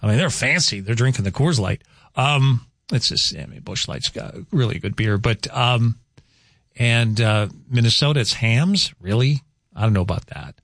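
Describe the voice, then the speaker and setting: A man's voice: medium pitch, expressive, moderate pace, a bit bright, dry recording, clean studio sound. A man hosting a morning radio show, talking casually with lots of fillers and offhand jokes. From North Dakota. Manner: chatty, rambling, jokey with filler words. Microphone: studio microphone.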